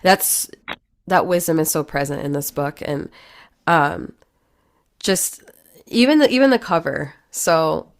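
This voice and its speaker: A woman's voice: deep voice, expressive, a little slow, pauses often. A woman hosting an interview, talking in an effusive, heartfelt way about a book. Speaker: podcast host. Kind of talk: interview conversation.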